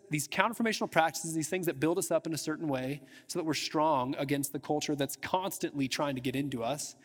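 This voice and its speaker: A man preaching a sermon to his church in a casual, chatty way, with frequent restarts and filler words. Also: a little high. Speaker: pastor. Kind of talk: conversational sermon. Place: church sanctuary. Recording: long hall reverb in a church.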